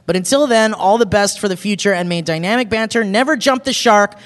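A man's voice: high voice, brisk. A man co-hosting a live podcast, reading a listener's letter aloud in a casual, amused way. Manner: reads with laughs, breaks into shouted impressions. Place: live show venue with audience. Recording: long hall reverb.

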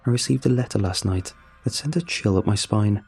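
A young man narrates a first-person horror story in a somber, confessional voice, low and measured. His tone is dark and husky, with faint music running underneath.

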